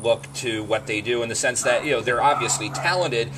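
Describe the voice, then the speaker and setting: A male co-host works his way into his questions, hesitating and filling pauses as he goes. His voice sits in an ordinary middle range, with faint background noise. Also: mid-range voice. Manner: hesitant, many fillers while forming questions. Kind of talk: casual interview.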